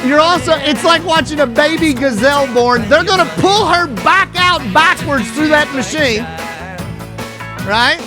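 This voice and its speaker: This school superintendent's voice sits at an extremely high pitch, and he takes his time. With a Kentucky accent, he gives a folksy, humorous keynote peppered with "right?" while the large hall echoes at length over faint music.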